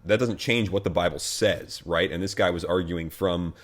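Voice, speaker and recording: An American pastor with a deep, low-pitched voice talks through church news in a relaxed, conversational way. He restarts sentences often and leans on fillers, with a dry, wry edge. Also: moderate pace. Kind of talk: casual video commentary.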